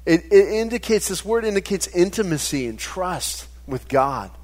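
A man in his thirties preaching a sermon as pastor, conversational and animated, with frequent stammered restarts. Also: high-pitched, moderate pace.

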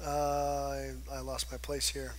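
A man's voice: mid-range voice, completely flat delivery, a little slow, slight background noise. A man preaching a conversational sermon, retelling scripture and acting out the quoted voices. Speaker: pastor.

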